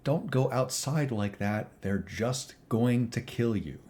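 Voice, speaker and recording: A man's voice: medium pitch, animated, slow pace, darkish tone. A man narrating and voicing characters as game master, with a dry, sardonic delivery.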